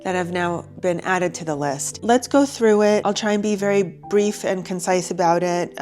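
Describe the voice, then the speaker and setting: A woman's voice: on the low side, a little mellow. A woman in her forties talks candidly and with feeling, straight to the viewer, from a reading nook in her bedroom. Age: 40s. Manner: candid and emotional, talking to the viewer. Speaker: wellness vlogger. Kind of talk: reflective personal vlog.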